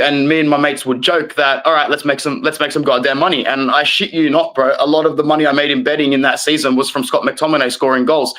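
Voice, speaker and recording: A man's voice: a little high, a bit bright, rough recording. A man, a guest in a casual football chat, talking with passion and rambling on. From Australia.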